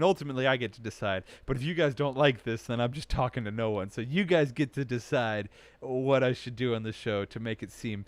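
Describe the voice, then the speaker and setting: Young male streamer host, rambly, self-deprecating, bursts of excitement, close dry mic. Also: mid-range voice, no echo. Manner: rambling, self-mocking, swings from mumbled asides to excited outbursts. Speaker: host of a livestream show. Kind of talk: casual livestream chat.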